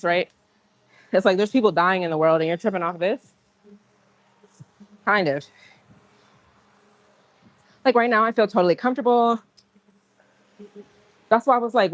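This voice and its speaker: A woman's voice: on the high side, no room sound. A woman chatting casually on a livestream from the gym, telling stories in slang with laughs and acting out other people's lines. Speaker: livestream host.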